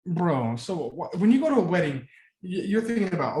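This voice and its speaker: A young man co-hosting a casual podcast, telling stories with plenty of swearing and animated energy. His voice sits a little high for a man. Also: brisk. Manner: profane, animated storytelling. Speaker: podcast co-host. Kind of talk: casual chat.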